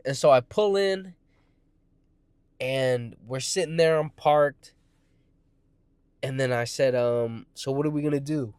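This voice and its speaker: A man's voice: medium pitch, slow pace, long pauses, clear, resonant tone, dry recording. A man telling a personal story in a casual monologue, rambling and profane, jumping between tangents and acting out quoted lines. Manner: acts out quoted voices, shouting in heated moments.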